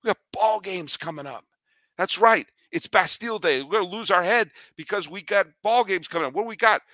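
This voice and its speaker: A man's voice: high-pitched, brisk, no echo. A man hosting a baseball podcast, talking animatedly with rants and jokes, including a read-through ad. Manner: animated, ranting, joking. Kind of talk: energetic sports talk with ad read.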